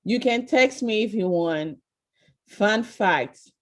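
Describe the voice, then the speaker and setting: A woman's voice: medium pitch, expressive, slow pace. A woman presenting an interactive online class over a video call. She is encouraging and keeps quizzing her listeners, asking "okay?" and "right?". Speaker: virtual tour presenter.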